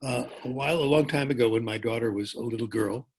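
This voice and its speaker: Husky older man telling a story. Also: mid-range voice, fast talker. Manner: relaxed, anecdotal, with small restarts. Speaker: keynote speaker. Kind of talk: storytelling lecture.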